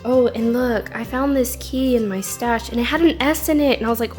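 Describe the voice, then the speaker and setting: Bubbly chatty woman, slightly high voice. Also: brisk, darkish tone, faint music behind. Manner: chatty, bubbly, often laughing. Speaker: craft video creator. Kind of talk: casual craft flip-through with storytelling.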